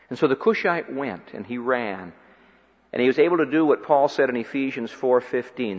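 A man preaching a sermon, swinging from loud emphatic peaks to quiet low asides. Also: brisk. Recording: dull recording with long hall reverb.

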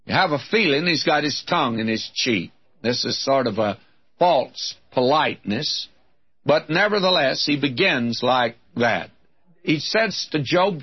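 A man's voice: fairly high pitch, animated, unhurried, slightly rough. A man giving a verse-by-verse Bible teaching in a folksy, wry, conversational manner. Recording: dull lo-fi recording.

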